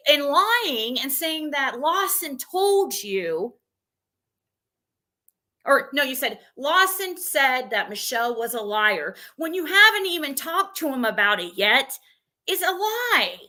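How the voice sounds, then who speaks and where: A woman's voice: high voice, bright, forceful tone. A woman streamer venting, recounting an argument in an agitated rush with frequent restarts. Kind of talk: venting live stream monologue.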